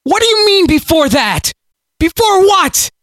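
A man voicing a condemned prisoner, weary and confused, pleading and at times shouting in a storybook reading. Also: medium pitch, moderate pace, no echo, clean studio sound, lightly acted. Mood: frantic shouting. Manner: bewildered, pleading, breaking into shouts.

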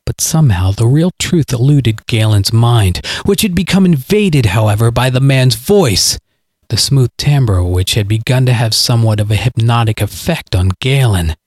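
Male storyteller, measured and dramatic, mid-pitched, dry booth sound. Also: expressive, darkish tone, dry recording. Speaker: narrator. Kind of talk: scripted story narration.

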